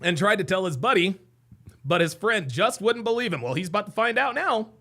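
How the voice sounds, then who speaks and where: A man hosting a live stream, reacting excitedly to a clip with laughter, shouting and lots of repetition. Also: high voice, brisk, creaky.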